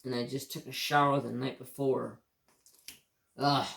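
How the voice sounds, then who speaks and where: An American man chats casually on his livestream, drawling and unhurried. He swears freely and tells stories with hiccups breaking in. The room around him sounds echoey. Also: medium pitch, level tone, gravelly, a bit bright. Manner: rambling, profane, easygoing storytelling. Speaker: craft channel host.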